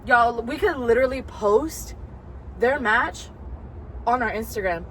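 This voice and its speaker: A woman's voice: a little high, animated, measured pace, fairly bright tone, slight background noise. A woman co-hosting a casual wrestling review, bantering playfully with her co-host. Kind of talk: casual chat.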